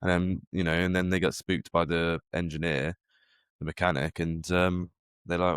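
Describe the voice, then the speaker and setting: A man with a very low, deep voice talks loosely on a podcast, circling his ideas and restarting sentences as he goes. The sound is close and dry, with no room around it. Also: little pitch movement, moderate pace, a bit bright, smooth, dry recording. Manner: rambling, speculative, full of restarts. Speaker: podcast co-host. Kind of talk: casual chat.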